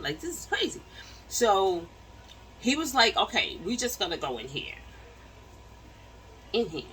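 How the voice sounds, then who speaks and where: Animated woman telling a story. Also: mid-range voice, recorded from a distance, a little hiss or hum, poor audio. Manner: animated, repeats words, acts out quotes. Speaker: vlogger. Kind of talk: casual storytelling to viewers.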